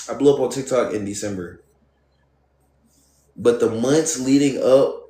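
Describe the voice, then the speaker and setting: A man's voice: lowish voice, darkish tone, slight background noise. A young man streaming live, casually telling his viewers a personal story in loose, profane street slang and talking straight to them. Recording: roomy echo.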